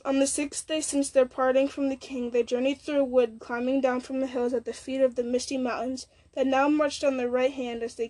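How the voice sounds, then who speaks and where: A woman narrating an audiobook in a measured, steady way. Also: high voice. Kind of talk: audiobook reading.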